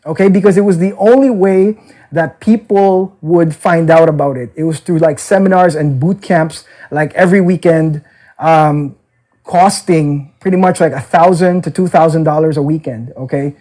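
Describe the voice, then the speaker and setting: A man's voice: on the high side, normal speed, mellow, rough recording. A man casually recounting his past as a dating seminar teacher, peppering his talk with "okay?" and "like". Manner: frequent "okay?" and "like" fillers. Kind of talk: casual storytelling interview. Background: children.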